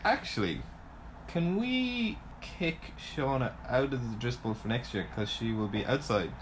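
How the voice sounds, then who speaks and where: A young man co-hosting a casual podcast, teasing in a dry, deadpan way. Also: medium pitch, measured pace, background noise. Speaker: podcast co-host.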